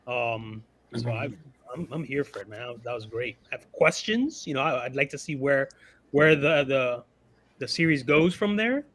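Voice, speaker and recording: A man's voice: mid-range voice, expressive, moderate pace, a bit bright. Enthusiastic man rambling eagerly. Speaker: fantasy league team member. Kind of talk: casual podcast chat.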